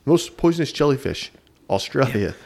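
A man co-hosting a casual podcast, telling stories in an animated way and laughing partway through his sentences. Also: mid-range voice, fairly quick, vocal fry. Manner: animated storyteller who laughs mid-sentence. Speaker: podcast co-host. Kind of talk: casual chat.

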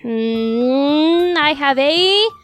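A woman's voice: sits high, animated, very slow. A woman playing a tabletop game, speaking as her character in a blunt, playful way. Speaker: player. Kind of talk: casual in-character play.

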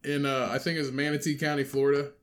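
A man's voice: on the high side, level tone, fast. A man co-hosting a crude casual podcast, laughing often and reading a news story aloud. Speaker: podcast co-host.

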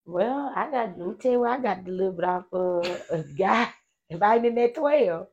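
A woman's voice: medium pitch, expressive, moderate pace, darkish tone. A woman with a Southern country accent co-hosting a faith podcast, folksy and affirming. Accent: Southern American, country. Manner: folksy, affirming, backs up her partner. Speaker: podcast co-host. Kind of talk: casual faith chat. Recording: dull lo-fi sound.

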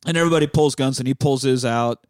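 A man's voice: medium pitch, fast, darkish tone, clean tone, no echo, clean studio sound. A man hosting a podcast, telling a movie's story in a loose, joking, profane way. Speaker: podcast host recapping a film. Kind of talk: casual profane chat.

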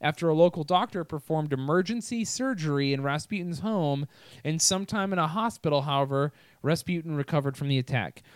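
A man's voice: a little high, fairly quick, clean tone, no room sound. A young man hosting a podcast, telling a history story in a crude, swearing, joking way. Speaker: podcast host. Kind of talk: casual comedic storytelling.

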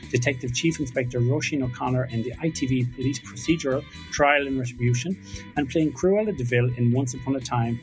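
A man with an Irish accent hosts a relaxed interview from his home music studio, chatting easily with a few restarts. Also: mid-range voice. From Ireland. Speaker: podcast host. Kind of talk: casual interview chat.

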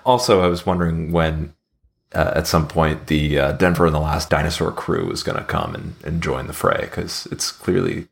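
A man's voice: a bass voice, fairly even intonation, normal speed, vocal fry. A man on a comedy podcast panel, wryly rambling about cartoons he dislikes. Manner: wry, rambling complaints. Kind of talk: casual comedic chat.

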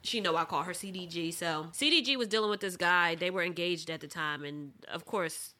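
Wry woman with a lower voice. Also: a little fast, bright, forceful tone. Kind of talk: casual storytelling chat.

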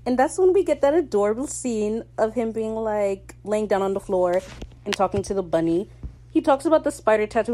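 A woman's voice: medium pitch, warm tone, a little hiss or hum. A woman hosting a casual episode recap, chatty and joking, with slangy asides and free swearing. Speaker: podcast host recapping a TV episode.

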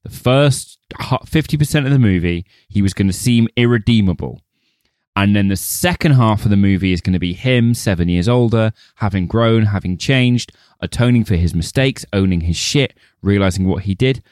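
Sardonic, low-voiced podcast co-host. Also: male voice, normal speed, a little mellow, dry recording, studio quality. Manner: sweary, sardonic, frequent "yeah" backchannel. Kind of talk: casual comedic film chat.

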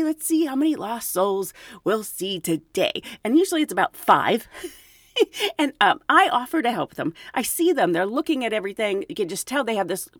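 A woman's voice: mid-range voice, dry recording, studio quality. A middle-aged woman, a flight attendant, telling stories in a casual chat and acting out the people she quotes. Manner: animated, acts out quoted voices.

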